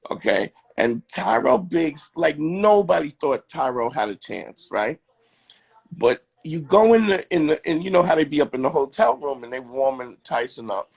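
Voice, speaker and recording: A male comedian telling a story as a live stream guest, animated and acting out the quotes. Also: on the high side, normal speed, creaky, slightly rough.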